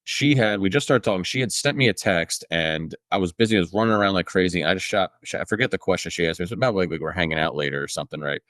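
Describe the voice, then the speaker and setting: A man's voice: sits low, very fast, few pauses, fairly bright tone, no echo, clean studio sound. A man in his thirties co-hosting a podcast, telling a rambling story in casual chat with lots of fillers. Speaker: podcast co-host.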